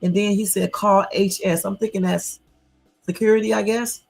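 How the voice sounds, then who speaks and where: A man hosting a livestream, reading text messages aloud and reacting to them with slow, musing asides. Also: high-pitched, flat delivery, vocal fry, faint music behind. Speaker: livestream host.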